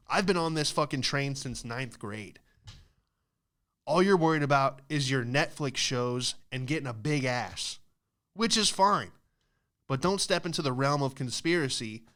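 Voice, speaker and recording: Smooth-voiced man ranting casually. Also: mid-range voice, sharp tone. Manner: profane, ranting, says "dude" and "like" a lot. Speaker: stand-up comedian and podcast host. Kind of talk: casual podcast rant.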